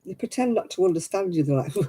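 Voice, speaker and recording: A woman's voice: fairly low pitch, expressive, fairly quick, dark tone, breathy edge, poor audio. A middle-aged woman chatting casually at home while she crafts. She tells stories and laughs often. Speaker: craft vlogger.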